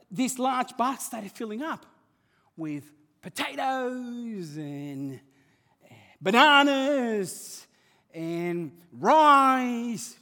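An impassioned male pastor delivers a sermon in a high voice, often doubling words as he builds momentum. His words ring through a hall with a long, trailing reverb. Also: a bit bright. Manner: impassioned, repeats words when stirred.

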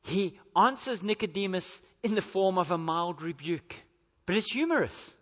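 Bright high-voiced male preacher. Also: lively intonation, normal speed. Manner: emphatic, repetitive, building to forceful declarations. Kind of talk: sermon. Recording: echoey hall, dull lo-fi.

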